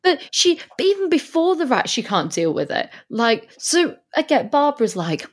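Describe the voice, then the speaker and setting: A woman co-hosts a casual podcast chat, laughing often and breaking into funny character voices. Her pitch swings widely, up and down, as she tells the story. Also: big pitch swings, normal speed, hardly any pauses. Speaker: podcast co-host.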